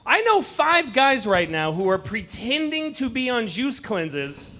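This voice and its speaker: A man in his forties doing a stand-up comedy set in a club, animated and acting out people with shouted asides. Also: very high-pitched, measured pace, heavy background noise. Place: comedy club stage before a live audience.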